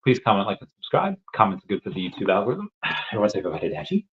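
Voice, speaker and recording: A man's voice: lowish voice, very animated, rapid-fire, highs cut off. A man hosting a casual livestream, answering chat questions in a rambling way and often repeating words as he restarts.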